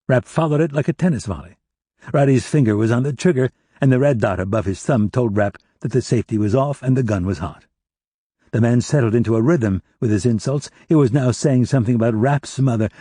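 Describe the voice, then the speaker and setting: A man narrating a thriller audiobook in a steady, measured reading. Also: medium pitch, husky, dry recording, clean studio sound.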